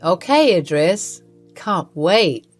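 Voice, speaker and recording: A playful young wife, as a woman reads her part, teasing one moment and pleading in a high, strained voice the next. She sounds like a character in a narrated drama story, with faint music underneath. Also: sing-song, takes it slowly, exaggerated voice.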